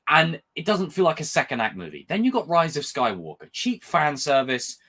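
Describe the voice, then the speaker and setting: A man's voice: on the high side, moderate pace. A young man reviewing a show in a casual vlog, rambling and passionate with frequent swearing. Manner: animated, rambling, passionate and profane. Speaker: film and TV reviewer.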